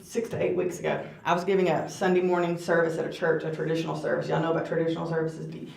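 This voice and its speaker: A woman's voice: low-pitched, little pitch movement, very fast, gravelly, a little mellow, a little hiss or hum. Brief: woman, guest speaker, earnest and conversational testimony, roomy church hall sound. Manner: earnest, conversational, asks the audience questions. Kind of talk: personal testimony talk.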